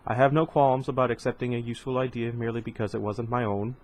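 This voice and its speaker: A man's voice: mid-range voice, level tone, fast talker, close to an everyday voice. A man doing a cool, calculating alien admiral. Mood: calm, cool.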